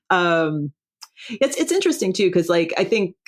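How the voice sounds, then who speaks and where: A woman's voice: mid-range voice, sing-song, measured pace. A middle-aged American woman from Buffalo, New York, chatting as a podcast guest over a video call, laughing often and restarting her sentences. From Buffalo, New York, USA. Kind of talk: casual interview chat.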